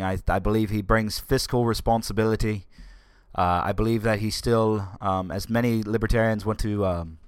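A man's voice: fairly low pitch, clean tone, dry recording, clean studio sound. A man giving a casual political rant, sarcastic and full of fillers and restarts. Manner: sarcastic, ranting, with many fillers. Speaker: political commentator.

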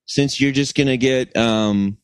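A man co-hosting a comedy podcast, telling stories in a profane, animated way. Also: mid-range voice, unhurried, clear, resonant tone, dry recording. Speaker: podcast co-host. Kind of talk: casual comedic chat.

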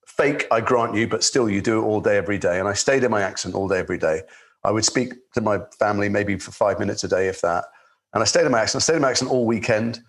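A man with a London accent, an actor telling anecdotes in relaxed chat, with many restarts. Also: lowish voice, quick pace. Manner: lively storyteller, swears in quotes, many restarts. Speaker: actor guest.

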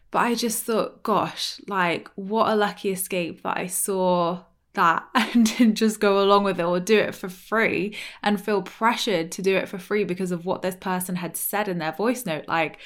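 A woman hosting a solo podcast, talking in a chatty, emphatic way with many "like" and "you know" fillers. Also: mid-range voice. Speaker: podcast host.

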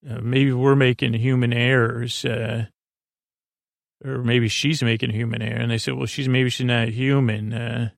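A man hosting a sleep podcast, recapping an episode in a halting, hesitant way with many pauses. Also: mid-range voice, flat delivery, gravelly, no room sound, clean studio sound. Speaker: podcast host.

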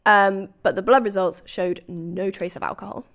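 A woman hosting a true crime podcast, telling the story in a casual, animated way with quoted voices. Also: medium pitch, normal speed, creaky. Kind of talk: casual chat.

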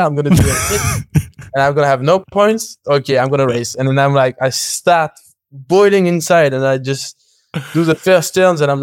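A man's voice: on the high side, smooth, dry recording, clean studio sound. A young man, a podcast guest, telling a story casually and animatedly, acting out what people said and laughing often. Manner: animated, acts out quoted dialogue, laughs often, swears.

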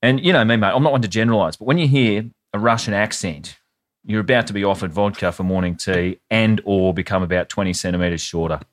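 A man's voice: lowish voice, fast talker. A man with an Australian accent, telling a grim story with sweary, wry asides in a casual podcast chat. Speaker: podcast co-host.

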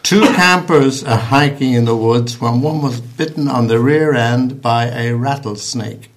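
A man's voice: mid-range voice, unhurried, slight background noise. Man chatting on the radio, full of fillers. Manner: hesitant with many fillers when talking, smooth when telling jokes. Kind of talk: casual radio chat, telling jokes.

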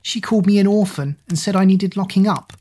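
A woman's voice: mid-range voice, a little fast, mellow, pitched above the performer's own voice, natural voice. A woman voicing a troubled, moody schoolgirl, sulky and nervous.

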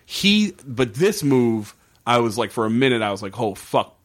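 A man's voice: mid-range voice, moderate pace. A man hosting a casual podcast, animatedly retelling a TV episode, swearing freely and acting out the characters' lines. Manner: animated and profane, acting out quotes.

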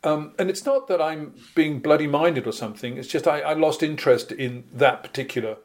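A man's voice: a little high, a little fast. A man from Britain, a guest musician in a casual interview, telling anecdotes in a wry, self-deprecating way.

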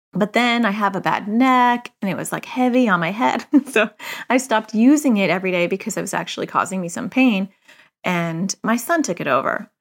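A middle-aged woman hosting a parenting podcast, talking in a casual, chatty way full of "like" and "you know". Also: medium pitch.

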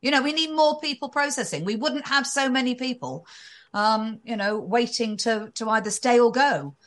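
Woman guest answering in a thoughtful, halting way. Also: a little high. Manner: thoughtful, frequent restarts and fillers, occasional laughs. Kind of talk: conversational interview answers.

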